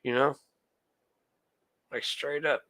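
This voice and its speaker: A man's voice: mid-range voice, flat delivery, takes it slowly, sharp tone, dry recording. A young man streaming live, ranting heatedly and swearing a lot while answering his chat. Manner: profane, heated, talks to chat. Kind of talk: casual ranting monologue.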